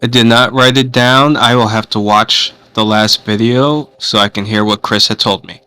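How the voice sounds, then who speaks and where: A man's voice: lowish voice, steady tone, moderate pace, sharp tone, clear, resonant tone, no echo. A man playing in an online tabletop game, chatting casually and checking his notes aloud. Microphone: online voice chat.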